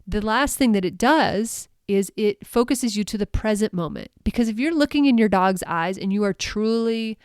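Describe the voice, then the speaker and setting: A woman's voice: medium pitch, moderate pace, hardly any pauses, darkish tone, clean tone, dry recording, studio quality. A woman coaching dog sport handlers on her podcast, chatty and upbeat, with many fillers and frequent laughter. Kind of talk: solo coaching podcast talk.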